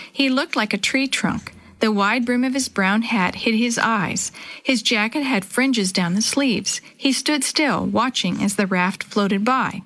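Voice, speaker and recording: A woman reading a children's chapter book aloud in a lively, expressive way. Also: mid-range voice. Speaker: storyteller.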